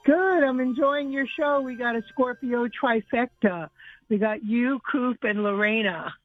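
A woman's voice: on the high side, measured pace, no echo, faint music behind. Woman caller on a tinny phone line. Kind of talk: call-in to radio show.

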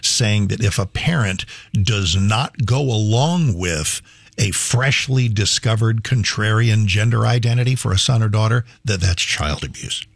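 Husky low-voiced male co-host. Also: unhurried, dry recording. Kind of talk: political talk.

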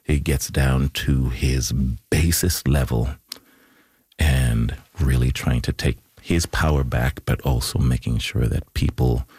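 A man's voice: rumbling low, takes it slowly, darkish tone, breathy edge, no echo. A man, an actor, talking thoughtfully in a radio studio interview, often restarting and reciting lines with feeling. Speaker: actor, guest.

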